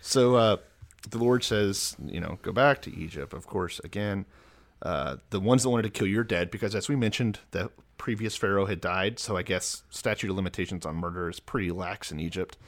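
A man's voice: sits low, normal speed. A man co-hosting a comedy podcast, sarcastically retelling a Bible story in a casual chat. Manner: sarcastic, puts on silly voices for God and Moses.

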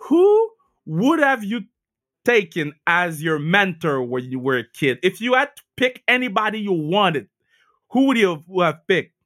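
Male podcast host, bright and a touch high, relaxed and jokey with casual swearing. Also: moderate pace. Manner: loose, joking, swears casually. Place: Montreal.

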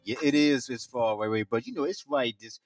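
A man's voice: mid-range voice, lively intonation, brisk, distant mic. A man co-hosting a casual music radio show, laid-back, repeating himself and laughing easily.

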